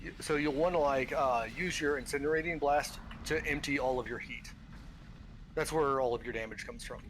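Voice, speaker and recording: A man's voice: mid-range voice, normal speed, fairly bright tone, slight background noise. A man in a game voice chat explaining mechanics with hesitant restarts and fillers. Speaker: raid member.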